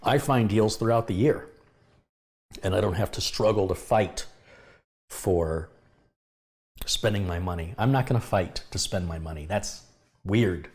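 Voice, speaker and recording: A man's voice: low-pitched, a little slow, long pauses, a little mellow. A middle-aged man from the US hosting a live tech review stream, chatting with viewers, greeting them by name and adding wry asides. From United States. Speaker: tech channel host.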